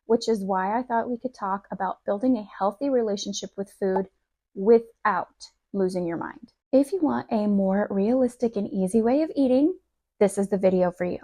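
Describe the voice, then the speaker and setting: A woman's voice: medium pitch, moderate pace, warm tone. A woman, a parent, giving casual food advice in an upbeat, encouraging, chatty way. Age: adult parent. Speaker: lifestyle vlogger.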